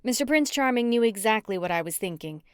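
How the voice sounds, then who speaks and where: A woman narrating a cozy mystery audiobook in first person, with an even storytelling delivery. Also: fairly high pitch, fast talker, clean tone, no room sound, clean studio sound.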